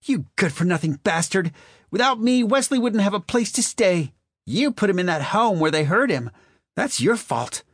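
A bitter, hateful mother, put on by a male narrator, raised high above his natural register. Her delivery is shrill and venomous. The audiobook read is dry and close. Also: huge pitch swings, takes it slowly, a bit bright, no room sound, heavily acted. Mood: furious.

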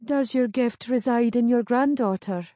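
A woman's voice: on the high side, unhurried, dark tone, no room sound, clean studio sound, voice pushed up, close to an everyday voice. A woman voicing a proud young woman traveller who answers sharply and insistently. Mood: defiant.

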